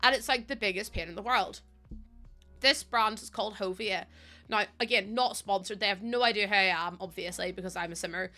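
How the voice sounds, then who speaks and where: Bright-voiced chatty young woman streamer. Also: medium pitch, brisk, soft background music. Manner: chatty, laughs often, swears freely. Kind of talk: casual chat while gaming.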